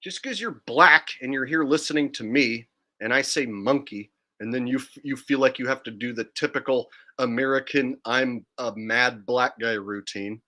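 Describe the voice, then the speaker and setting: A man's voice: medium pitch, moderate pace, bright, forceful tone. A man ranting in a profane, mocking monologue to his viewers. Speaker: video blogger.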